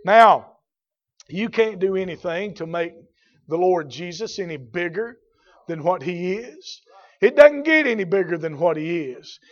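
A man preaching a sermon, swinging from loud shouts to quiet, drawn-out emphatic words. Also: high voice, expressive, muffled recording.

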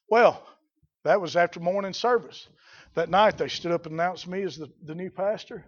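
A middle-aged man preaching a fiery sermon as a pastor, rising to shouts at his peaks. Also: high voice, moderate pace. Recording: dull lo-fi recording.

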